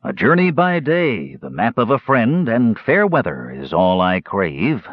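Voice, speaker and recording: A mysterious, well-read stranger, played by a man, unhurried and measured, almost poetic. The voice is husky and dry, with a dull lo-fi recording. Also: fairly low pitch, wildly swooping pitch, no room sound, exaggerated voice. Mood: calm.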